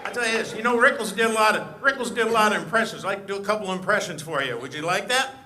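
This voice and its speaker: A man's voice: high voice, very fast, background noise. A man doing stand-up insult comedy on a live stage, needling the crowd with brash jabs.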